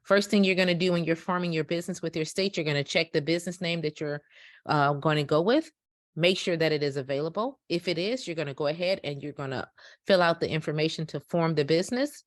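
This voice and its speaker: A woman's voice: low voice, fast talker, dry recording, studio quality. A woman teaching a step-by-step business lesson, stressing key points and checking in with her listeners. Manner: emphatic, repeats key points with check-ins. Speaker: dispatching business instructor. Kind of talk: instructional walkthrough. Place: home office.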